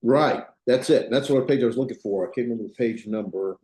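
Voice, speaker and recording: A man's voice: medium pitch, a little fast, darkish tone, roomy sound. A man lecturing a class, talking loosely with frequent restarts and checking in with his students. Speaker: Biblical Hebrew teacher.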